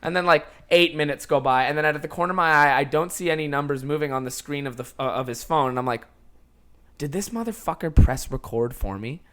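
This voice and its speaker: A man in his twenties, a podcast guest, telling a story in casual chat, animated and laughing, swearing freely. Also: a little high, fast, few pauses, clean tone.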